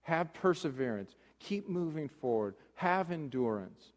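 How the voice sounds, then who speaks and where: A male pastor giving a conversational sermon, moving between hushed talk and loud emphasis. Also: a little high, big pitch swings, unhurried, in a large hall.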